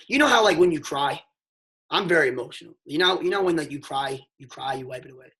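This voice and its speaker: Excitable man with a fairly high voice. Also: a little fast. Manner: emphatic and excitable, swings between hushed and loud, says "bro" often. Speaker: network marketing mentor. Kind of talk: motivational storytelling on a mentorship call.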